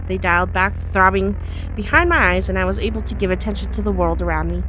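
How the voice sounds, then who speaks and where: Female podcast co-host reading a story, middle pitch, expressive, faint music under. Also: rough recording. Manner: reads expressively, laughs between passages. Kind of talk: reading a horror story aloud.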